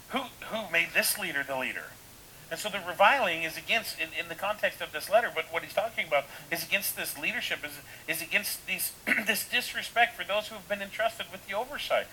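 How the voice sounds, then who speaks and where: A man's voice: high voice, fast, few pauses, bright, forceful tone, slight background noise, low-quality recording. A man preaching a sermon in a casual, conversational way, full of rhetorical questions and restarts. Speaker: pastor.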